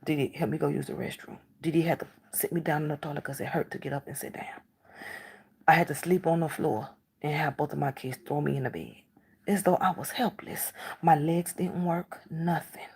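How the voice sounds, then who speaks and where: A middle-aged woman with a low, husky voice and a gravelly edge. She talks casually and emphatically, repeating herself and acting out quoted exchanges. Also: fairly even intonation, a little fast, darkish tone. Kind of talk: casual monologue to camera.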